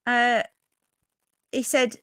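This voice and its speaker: A woman from Birmingham, England, hosts a casual livestream, chatting and reading out viewer comments in a toned-down Brummie accent with a touch of Yorkshire. Her voice is a little high and smooth with a sharp tone, flat delivery and drawn-out words, recorded with studio quality and no echo.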